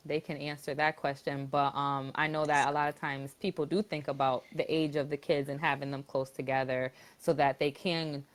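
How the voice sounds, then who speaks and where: A woman's voice: low-pitched, level tone, moderate pace, hardly any pauses. A woman in her twenties, the eldest sister, chatting casually on a live stream and laughing often. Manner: chatty, laughs often, uses dialect grammar. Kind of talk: casual chat.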